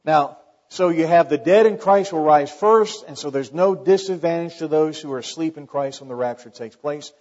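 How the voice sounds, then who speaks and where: A male pastor with a fairly high voice preaches to his church, chatty and wry. His voice rings out with a long hall echo, and the recording sounds dull and a bit lo-fi. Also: normal speed, darkish tone. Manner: conversational preaching with wry asides. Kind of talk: sermon.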